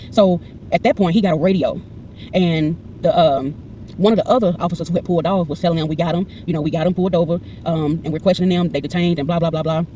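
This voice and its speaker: Woman, 40s, vlogger retelling a tense encounter; quick, heated delivery with a mellow tone. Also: on the low side, far from the mic, muffled recording, a little hiss or hum. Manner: animated, acts out every exchange in quoted dialogue; heated and indignant when retelling. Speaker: vlogger recounting a personal incident. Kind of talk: casual storytelling to camera.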